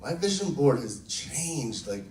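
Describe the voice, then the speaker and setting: In a mid-range, slightly mellow voice, a network marketing distributor tells his personal story to a group, very animated yet measured in pace, voicing other people's words as he goes. The mic sits far off in a room with echo.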